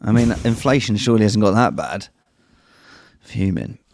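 A man hosting a podcast in casual chat, an animated storyteller who swears freely and acts out voices. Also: on the low side, fast talker, over music. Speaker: podcast host.

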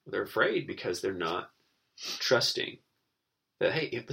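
Male co-host, thoughtful casual Bible talk, gravelly with a bright edge. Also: on the low side, unhurried, pauses often. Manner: thoughtful, animated, laughs often. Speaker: podcast co-host. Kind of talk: casual Bible study chat.

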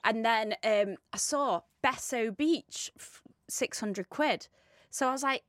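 A young woman co-hosting a casual chat, relaxed and full of fillers, laughing easily. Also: fairly high pitch, slow pace, no echo, studio quality. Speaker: podcast co-host.

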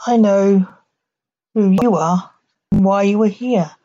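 A woman's voice: medium pitch, slow, mellow. A woman voicing a stern male assassin who is a protective father, with dry, clipped lines, on a dull lo-fi recording. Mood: cold.

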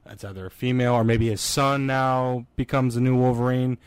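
A man's voice: mid-range voice, steady tone, a little fast, clean tone, dry recording. A man chatting casually about movies, rambling with many fillers and restarts. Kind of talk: casual podcast chat.

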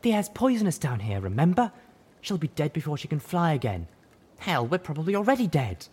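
A man voicing a fearful young pegasus stallion, shrill and hissing, for a storybook reading. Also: very animated, a little fast, a little mellow, slightly rough. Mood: insistent.

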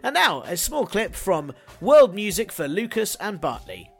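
Male podcast host with a high-ish voice, dry sardonic delivery, faint music behind. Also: big pitch swings, a little slow, vocal fry. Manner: sardonic, jokey asides. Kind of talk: scripted solo podcast segment.

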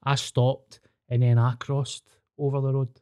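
Mellow-voiced Scottish man telling stories. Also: medium pitch, flat delivery, unhurried, smooth. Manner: sweary, storytelling. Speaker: podcast host. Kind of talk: casual chat.

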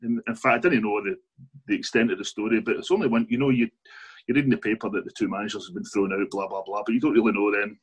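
Husky-voiced Scottish man telling football stories. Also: on the low side, steady tone, fast, poor audio. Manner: chatty anecdotal storyteller, laughs often, many restarts. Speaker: author and guest. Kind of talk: casual interview storytelling.

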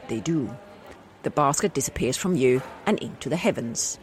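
A man narrating an improvised comic tale with a lively, animated voice. He is playful and laughs easily between lines. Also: medium pitch, moderate pace, husky. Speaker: storyteller.

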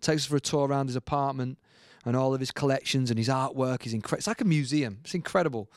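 A man in his thirties, a musician guest, telling lively casual anecdotes and laughing often. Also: mid-range voice, fast talker, no room sound, clean studio sound. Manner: animated storyteller, laughing often, colloquial.

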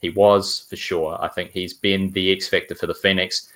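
A man's voice: deep voice, level tone, normal speed, fairly bright tone. A man hosting a casual football fan podcast, enthusiastic and handing questions to his co-hosts. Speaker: podcast host.

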